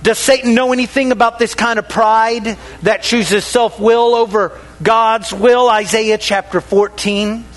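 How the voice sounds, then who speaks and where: A man preaching a sermon to a congregation, pausing dramatically, dropping his voice on key words and calling for responses. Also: steady tone. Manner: dramatic pauses, drops voice low on key words.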